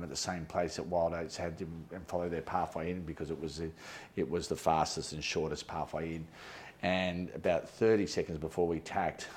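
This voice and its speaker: A middle-aged man with a very low voice recounts events as an interview guest. He tells the story in an animated way, often pausing on fillers and restarting his sentences. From Australia.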